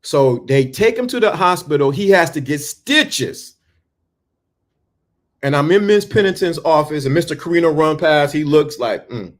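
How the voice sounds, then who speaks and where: Animated stammering male storyteller. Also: fairly high pitch, moderate pace. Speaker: speaker. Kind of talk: storytelling talk.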